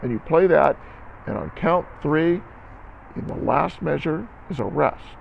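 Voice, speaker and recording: A man's voice: a little high, animated, unhurried, gravelly, lo-fi sound, a little hiss or hum. A man teaching a music lesson to band students, explaining patiently step by step and sounding out syllables to demonstrate.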